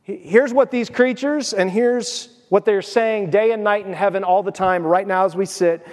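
This is an animated midwestern pastor with a somewhat high voice, preaching a sermon at a moderate pace with abrupt jumps in loudness. His church sanctuary adds a long, echoey reverb.

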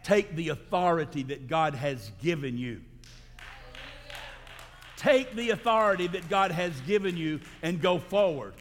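A pastor preaches to his congregation with a fairly high voice. He drives his points home with sudden loud, soaring emphasis. The sound carries a long reverb from the church hall around him. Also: animated, measured pace, a little hiss or hum. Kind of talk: sermon. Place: church sanctuary.

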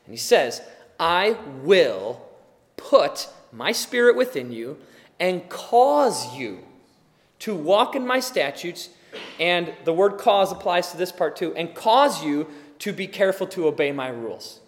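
Impassioned high-voiced male preacher. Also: sing-song, unhurried, long reverb tail. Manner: impassioned, builds to emphatic forceful delivery. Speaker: pastor. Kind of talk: sermon.

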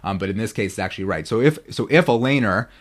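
Fast and expressive, with a fairly low pitch, this podcast guest, a Bible scholar, teaches biblical Hebrew. He's meticulous about how the Hebrew sounds and often checks in by saying "right?".

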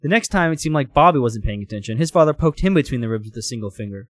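Man reading a story, lively pitch, dry close sound, animated delivery. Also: quick pace, no echo. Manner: animated, laughs between lines. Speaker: host reading a story aloud.

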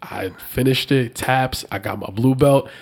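A man's voice: a little slow, slightly rough. Congested man telling stories with laughs. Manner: animated storyteller, acts out quotes in high voices, self-mocking laughs. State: congested, nasal from a cold. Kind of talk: casual chat.

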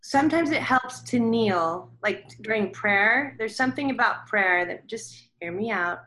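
A woman's voice: on the high side, animated, a little slow, bright, forceful tone, rough recording. A woman guest in a casual interview, chatty and eager as she relays messages she says she receives. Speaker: guest medium.

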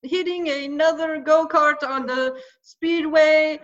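A woman's voice: sits high, steady tone, slow, highs cut off. A woman doing a dopey, earnest Luigi. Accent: put-on thick Italian. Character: cheerful, dopey Luigi, grown man. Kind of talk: improvised comedy podcast.

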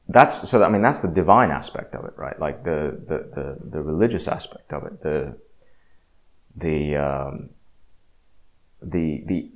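A man's voice: low-pitched, darkish tone. A man talking casually and frankly about faith and death, rambling with frequent restarts. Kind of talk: casual religious reflection.

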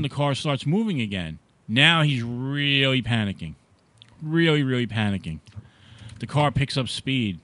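A man's voice: medium pitch, fairly bright tone, no room sound. A man co-hosting a podcast, chatting and telling a ghost story while drinking, on a mic with a foam windscreen. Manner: chatty, laughing, drawn-out storytelling. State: drinking beer. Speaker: podcast co-host. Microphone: studio mic with foam windscreen.

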